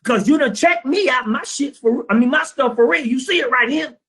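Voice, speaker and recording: Teaching a trading class, a man with a very high-pitched, bright, forceful voice speaks at a moderate pace. He delivers a storytelling lecture to his students, recounting a blunt, profane tale and playing both parties in a phone call.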